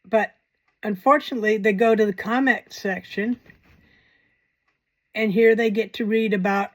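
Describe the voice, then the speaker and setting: A woman's voice: mid-range voice, fairly even intonation, moderate pace, pauses often. A woman hosting a paranormal channel, talking in a casual, rambling commentary with wry, self-mocking asides.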